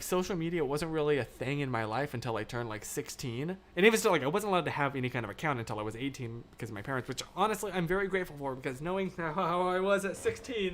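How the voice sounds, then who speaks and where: Chatty young American man, slightly high voice. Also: fairly bright tone. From United States. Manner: rambling and chatty, many fillers, laughs often. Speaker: livestream host. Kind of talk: casual live-stream chat, reading viewer comments.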